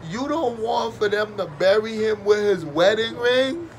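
A man's voice: high voice, animated, unhurried, hardly any pauses, slight background noise. A man doing a profane comedic rant, mocking and sarcastic, swearing constantly and breaking into fake wailing.

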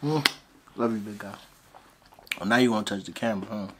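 A man's voice: lowish voice, fairly quick. A man vlogging at home, talking in a coaxing, playful, slangy way to his young child while trying to film. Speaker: vlogger and father. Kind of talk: casual talk to a toddler on camera. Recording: clear background noise.

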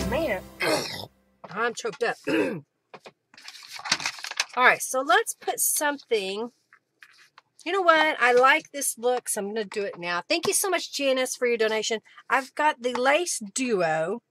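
A woman hosting a live craft stream, chatting casually, thanking viewers by name and often clearing her throat. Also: on the high side, bright, forceful tone, a little hiss or hum.

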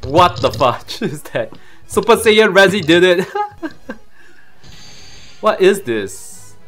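A young man with a Singaporean English accent, chatting casually and excitably on a live stream and laughing often. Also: high-pitched, slow pace, faint music behind.

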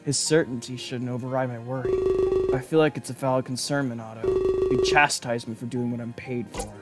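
A man reading the lines of an earnest, worried male bodyguard in a visual novel, in a plain, soft-spoken way. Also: medium pitch, steady tone, a little fast, close to an everyday voice. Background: background game music.

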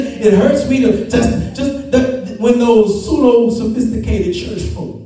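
A male preacher's very high, mellow voice rings out over soft organ music, sliding between speech, song and shouts as he preaches. The mic sits well back, so the sound carries the long echo of a church hall. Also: recorded from a distance. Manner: preaching with sung, shouted lines and rising refrains. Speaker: guest preacher. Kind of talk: sermon. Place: church sanctuary.

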